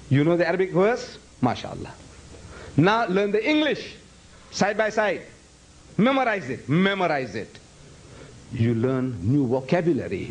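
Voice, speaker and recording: A man's voice: a little high, darkish tone, slight background noise, poor audio. A man giving a public lecture to students. He speaks emphatically, repeats phrases for effect and breaks into Arabic recitation. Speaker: Islamic lecturer.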